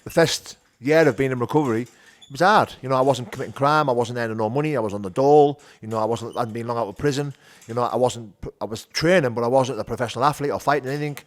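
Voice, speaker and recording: Fast-talking man. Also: mid-range voice. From North of England. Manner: rapid, frank, full of "you know" and "do you know what I mean". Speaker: podcast guest. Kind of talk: candid conversational storytelling.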